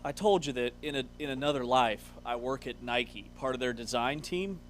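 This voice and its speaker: A man's voice: medium pitch, moderate pace, slight background noise. A man co-hosting a sports radio show from a studio, tossing out dry, wisecracking asides. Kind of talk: casual sports radio chat.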